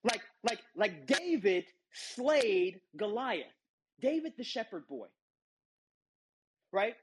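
A man giving an emphatic motivational talk, storytelling to make a point, with a husky voice. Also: high voice, sing-song, slow. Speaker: motivational speaker. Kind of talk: motivational preaching.

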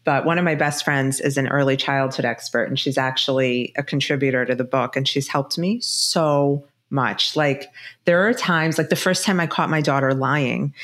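A woman in her thirties with a low-pitched voice chats as a podcast guest. She is animated and tells stories, with plenty of "like" and "you know" fillers. The talk is casual and open. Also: moderate pace. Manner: animated storyteller, filler-heavy. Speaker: guest, divorce specialist and author.

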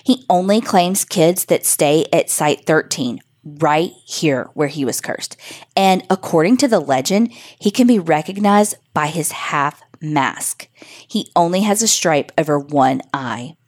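A woman's voice: low voice, animated, a little slow, darkish tone. A woman voicing a teasing older sister who spins a spooky legend to frighten her little sister. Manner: teasing, mock-ominous.

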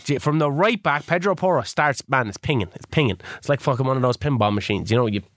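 A man hosting a casual gaming podcast, telling it in a rambling, sweary, excitable way. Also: mid-range voice, fast, no room sound, studio quality. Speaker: podcast host.

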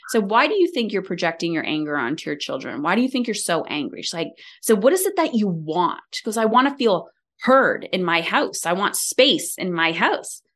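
A middle-aged woman speaks as a coach on a podcast, acting out the voices in her stories. Her pitch sits in the middle and swings freely as she talks. She moves from close, warm advice to animated re-enactments. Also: normal speed. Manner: animated storytelling, acts out quoted lines. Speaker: podcast guest, leadership coach. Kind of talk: conversational interview.

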